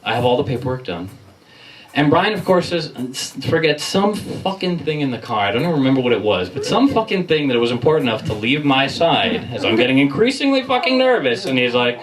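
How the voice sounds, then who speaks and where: A man doing stand-up at a bar comedy night, telling a story in a profane, animated and self-mocking way. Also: medium pitch, a little fast. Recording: distant mic with crowd laughter. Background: audience laughter.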